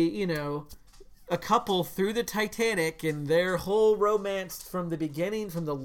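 A man co-hosting a podcast, talking casually about a film in long, animated runs full of "like.". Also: on the high side. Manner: animated, slips into mock voices to quote characters; talks in long runs with many "like" fillers. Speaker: podcast co-host.

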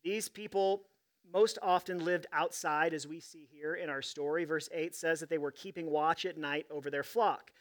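A man's voice: a little high, steady tone, normal speed. A man preaching a sermon as pastor, reading scripture and telling stories in a conversational, humorous way.

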